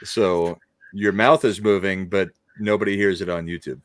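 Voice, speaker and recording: A man's voice: deep voice, steady tone, normal speed, dry recording. Dry-humored man on a video call. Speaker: guest. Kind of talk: casual chat.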